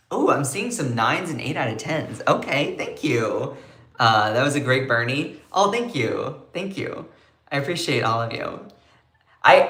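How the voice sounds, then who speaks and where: A man's voice: medium pitch, pushed and bright, reverberant. A man hosting a live political commentary stream, emphatic and prone to repeating phrases.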